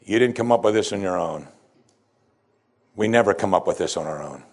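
A man preaching a sermon, animated, acting out the quoted speakers and swinging between loud emphasis and hushed lines. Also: deep voice, fairly quick, gravelly. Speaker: pastor.

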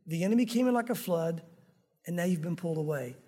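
A gentle, grave Lord speaking softly and earnestly to a follower who is drifting away, as a preacher puts him on. The voice is pitched fairly high and has a husky edge. It rings with a long hall reverb. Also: male voice, expressive, fast talker. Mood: tender warning. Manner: soft, low and earnest.

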